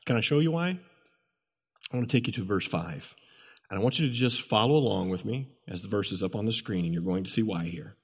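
A man preaching a sermon as pastor, swinging between loud stern warnings and soft low asides. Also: a little fast, husky. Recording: long hall reverb.

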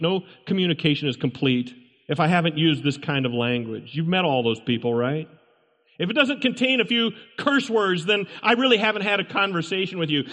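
A man's voice: fairly high pitch, a bit bright. A pastor delivering an emphatic sermon, repeating his points and asking the congregation rhetorical questions. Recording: long reverb from a large room.

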